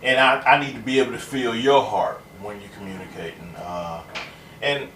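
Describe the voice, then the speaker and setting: A man speaking earnestly as a guest in a casual panel discussion, measured and full of fillers. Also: fairly low pitch, distant mic. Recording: roomy and noisy, away from the mic.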